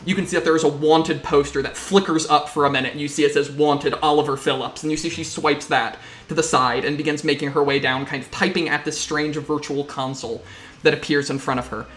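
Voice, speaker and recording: A man's voice: fairly high pitch, steady tone, fast, a bit bright. Man narrating a tabletop game in an echoey room. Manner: descriptive, loose, filler-heavy narration. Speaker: game master.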